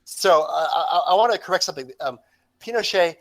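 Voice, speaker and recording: A man's voice: sits high, animated, a little fast, gravelly. Hesitant man in casual discussion. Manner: hesitant, restarts often with many fillers.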